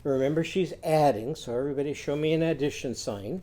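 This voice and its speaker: A man's voice: a little high, brisk, few pauses, mellow. A man teaching a children's literacy lesson, singing simple chants and leading the class in call-and-response.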